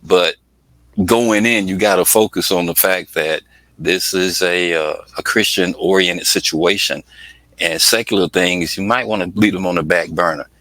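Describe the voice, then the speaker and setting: A man's voice: deep voice, normal speed, pushed and bright, dry recording, poor audio. A middle-aged man from Atlanta, a guest in an interview, telling stories in a chatty way, laughing often and acting out voices. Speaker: interview guest, music project manager. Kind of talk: casual storytelling interview.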